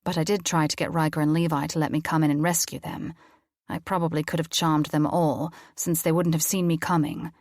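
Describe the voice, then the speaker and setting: Woman voicing a curt, low young angel man. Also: little pitch movement, a little fast, darkish tone, natural voice. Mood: matter-of-fact. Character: strong, reserved young male angel.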